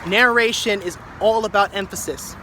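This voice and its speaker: A man's voice: high voice, moderate pace, pushed and bright, slight background noise. A man musing aloud in a loose, improvised reflection, playing with words and often restarting his phrases. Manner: wordplay-driven musing with restarts and repetition. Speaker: speaker sharing reflections.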